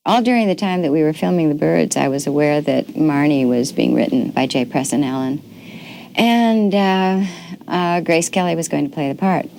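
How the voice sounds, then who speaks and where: An actress interviewed for a documentary, candid and animated, with playful asides. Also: female voice, low-pitched, normal speed, vocal fry, a little hiss or hum. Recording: music playing under the voice.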